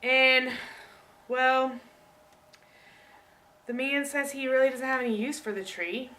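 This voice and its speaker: Chatty woman giving a bright book talk. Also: high-pitched, slow pace, recorded from a distance, a little hiss or hum. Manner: chatty, animated, addresses listeners directly. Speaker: student presenter. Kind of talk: casual book talk presentation.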